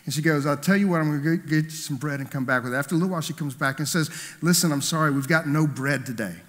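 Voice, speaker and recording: A man's voice: a little high, racing. A man, the pastor, preaching a conversational sermon, telling a story and asking the congregation questions. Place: church hall. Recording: long hall reverb.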